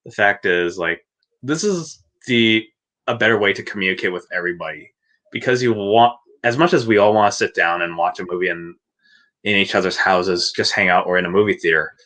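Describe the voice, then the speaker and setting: A man with a lowish but bright, forward voice chats loosely about films and TV on a livestream. He rambles, restarts sentences and laughs between points. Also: a little fast. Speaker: podcast co-host. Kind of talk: casual livestream chat.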